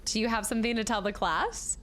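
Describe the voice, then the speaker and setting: A woman's voice: a little high, fairly quick, fairly bright tone. A woman in her late twenties chatting casually on a gaming livestream, talking with her chat and laughing often. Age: late 20s. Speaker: streamer.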